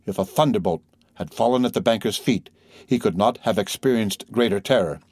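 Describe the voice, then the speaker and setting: A man narrating an audiobook in a measured, even reading style. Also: fairly low pitch, dry recording, clean studio sound. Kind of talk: scripted narration.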